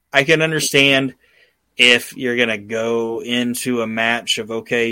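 A podcast host, male and medium-pitched, is heard with no room sound. His casual chat turns into excited, profane storytelling, with the quoted parts acted out.

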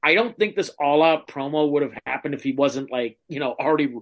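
A man's voice: a little high, a little fast. A man co-hosting a podcast, chatting casually and rambling, with lots of fillers and frequent laughs. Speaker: podcast co-host. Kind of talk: casual chat.

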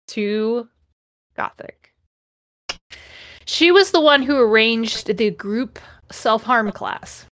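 Her voice is a little high, expressive and fairly bright, extremely slow with frequent pauses. As a podcast host giving a comedic dramatic reading, she interrupts with sarcastic, profane mockery of the text.

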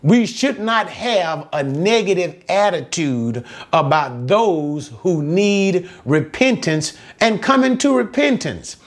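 A man preaching a sermon as a pastor, slow and emphatic, lifting his voice on key phrases and dropping into folksy asides to the congregation. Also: high-pitched, lively intonation.

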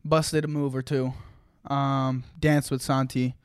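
A man's voice: mid-range voice, little pitch movement, slow, clean tone, no room sound. List: man, young adult, co-host, laid-back casual chat, dry recording. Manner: laid-back slangy talk. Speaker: podcast co-host.

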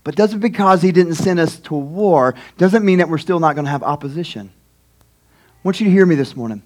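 A pastor reading scripture and preaching a sermon, emphatic and acting out the people in the story. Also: male voice, sits high, animated, a little fast. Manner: acts out characters in quotes, emphatic.

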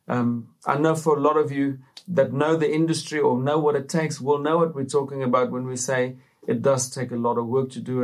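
A man hosting a Christian talk show, speaking to viewers in an upbeat, preacherly way with frequent fillers. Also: medium pitch. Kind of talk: casual faith talk to camera.

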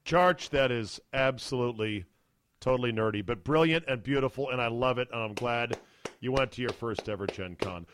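A man's voice: mid-range voice, moderate pace, fairly bright tone. A male podcast host, chatting casually and easily amused, with frequent fillers. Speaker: sports radio podcast host.

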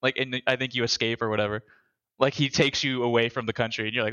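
A man co-hosting a casual chat, telling rambling, animated stories and overthinking things aloud. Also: medium pitch, fast, clear, resonant tone, no echo.

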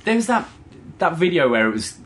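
A man's voice: on the high side, very animated, a little fast, fairly bright tone. A young man co-hosting a wrestling podcast, blunt and ranting, swearing freely as he vents. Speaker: podcast co-host. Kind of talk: casual chat about wrestling.

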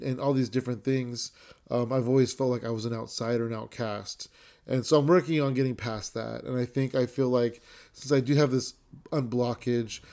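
Man, middle-aged, solo podcast host, excited, rambling, stumbles over words, swears casually. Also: mid-range voice. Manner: excited, rambling, many repeated words and restarts. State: a bit winded.

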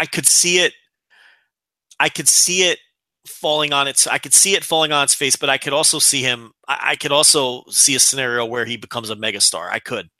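A man's voice: medium pitch, sharp tone, dry recording. A man co-hosting a podcast, giving opinionated analysis in casual talk with frequent restarts. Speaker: podcast co-host.

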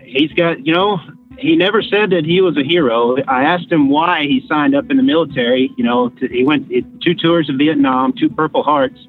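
A middle-aged man from Texas calls in to tell a story, his voice squeezed through a thin phone line. He talks haltingly, full of restarts and fillers. Soft music plays faintly underneath. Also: fairly high pitch, slightly rough. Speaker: caller. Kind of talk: call-in storytelling.

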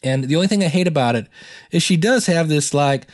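A man's voice: fairly high pitch, fairly quick, dry recording, clean studio sound. A man hosting his own podcast in a rambling, chatty way, with many fillers. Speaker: podcast host. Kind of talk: casual solo podcast chat.

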